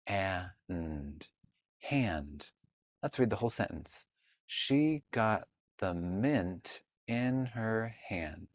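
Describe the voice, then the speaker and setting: A man's voice: on the low side, darkish tone. A man teaching a sample online reading lesson, patiently sounding out word parts and blending them into words. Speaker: reading tutor. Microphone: computer mic, online session.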